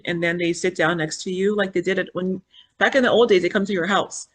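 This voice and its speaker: A woman's voice: lowish voice, brisk. Earnest woman in her fifties telling her story. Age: 50s. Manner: animated, acts out quoted dialogue and inner thoughts; spiritual, earnest. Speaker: podcast guest, foundation founder. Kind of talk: personal storytelling in an interview.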